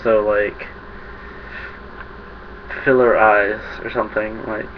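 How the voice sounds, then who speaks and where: A young man rambling to the camera in a casual vlog, self-conscious and quick to laugh at his own slips. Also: on the low side, flat delivery. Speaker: vlogger. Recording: dull lo-fi webcam audio with faint hiss.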